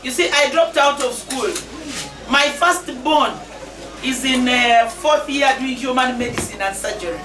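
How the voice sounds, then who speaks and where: Emphatic high-voiced Ugandan woman orator. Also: unhurried, music in the background. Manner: emphatic, exhorting, often raising her voice with laughter. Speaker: member of parliament. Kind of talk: public speech to a crowd. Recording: echoey, distant mic with noise.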